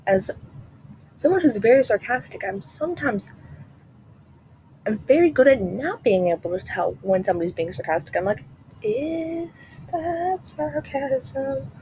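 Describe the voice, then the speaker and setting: A chatty woman vlogger talking casually to her viewers with a mellow, soft-edged voice. She rambles, trails off and restarts mid-thought. A faint hiss sits under the recording. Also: medium pitch, lively intonation, normal speed, pauses often, rough recording. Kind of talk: casual chat to camera.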